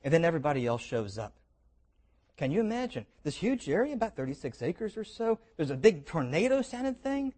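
A man preaching a sermon, retelling scripture as lively stories with jokes and invitations to imagine. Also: a little high, brisk. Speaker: pastor.

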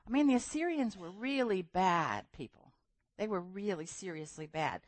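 A woman preaching a sermon, telling a story with lively, acted-out voices and a laugh now and then. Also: mid-range voice, moderate pace, no room sound.

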